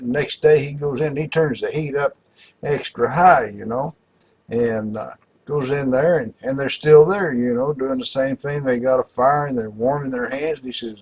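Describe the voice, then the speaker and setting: Folksy husky man telling a joke. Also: mid-range voice, a little mellow, poor audio. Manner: folksy, rambling, full of "you know" and "uh". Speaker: joke teller.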